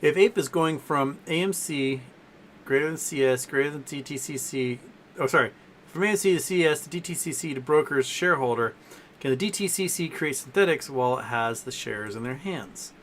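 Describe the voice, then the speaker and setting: A man's voice: on the high side, fairly quick, slight background noise. A man hosting a casual live stream, answering viewer questions in a rambling way, full of fillers and self-corrections. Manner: softens his voice to talk to his dogs.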